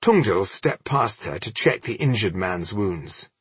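A man narrating a fantasy audiobook with a steady, measured reading. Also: on the low side, slightly rough, no echo.

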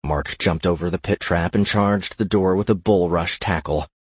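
A man reading a fantasy gaming story aloud in a steady narrating voice. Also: sits low, moderate pace, noisy background.

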